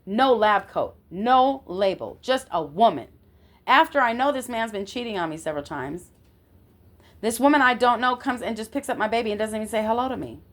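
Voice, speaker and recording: A woman's voice: fairly high pitch, expressive, brisk. Woman, casual personal storytelling, emphatic, indignant, swears, checks in with listener. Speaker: vlogger telling a personal story.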